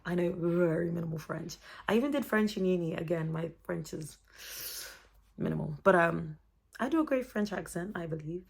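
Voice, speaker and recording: A young woman vlogs in a low, gravelly voice thick with vocal fry, talking at a normal speed. Addressing her viewers directly, she chats expressively in a casual motivational talk full of faith-based encouragement.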